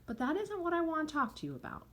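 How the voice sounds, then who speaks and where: An earnest little schoolgirl pleads her case in a bright, raised voice, as a woman reading aloud puts her on. Her pitch climbs high on every line, and the read-aloud storybook feel never drops. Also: wildly swooping pitch, fast, heavily acted. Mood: eager.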